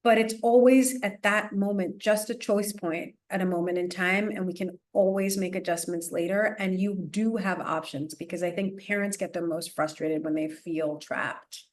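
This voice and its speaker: A woman talks as the guest expert on a parenting podcast, her voice sitting in an average middle pitch. She is animated and conversational, full of fillers, restarts and small laughs. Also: normal speed, few pauses. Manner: laughs often while explaining. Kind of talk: casual podcast interview.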